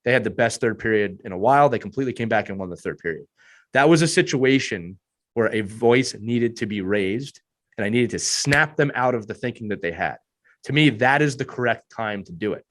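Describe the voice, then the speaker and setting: A man in his thirties, a youth hockey coach, talking earnestly on a podcast panel with a hoarse voice and repeating points for emphasis. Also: medium pitch, animated, fairly quick, a bit bright.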